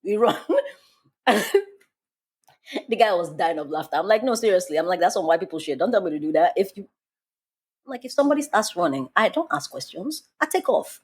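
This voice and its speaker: A young woman from Nigeria hosting a podcast, chatting casually and telling an animated story, laughing often. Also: fairly low pitch, a little fast, long pauses, breathy edge. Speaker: podcast host. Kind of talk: casual chat.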